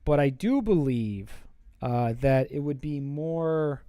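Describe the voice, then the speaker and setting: A man's voice: fairly high pitch, expressive, slow, dark tone, smooth, no echo. Rambling man streaming while he draws. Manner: rambling, playful, thinks aloud. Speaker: live-streaming artist. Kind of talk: casual live-stream chat while drawing.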